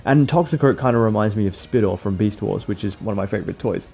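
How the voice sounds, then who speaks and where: A man's voice: lowish voice, fast talker, creaky, warm tone, breathy edge. A man hosting a casual countdown vlog, chatting with fan enthusiasm. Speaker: YouTuber.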